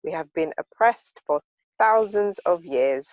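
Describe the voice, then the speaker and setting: A woman's voice: lowish voice, lively intonation, unhurried, no room sound. A woman joins a group discussion over a video call, her voice carried through muffled, lo-fi audio. She talks with heavy emphasis, often repeating words to drive a point home. The sound is very dry, with no room around it. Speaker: discussion participant.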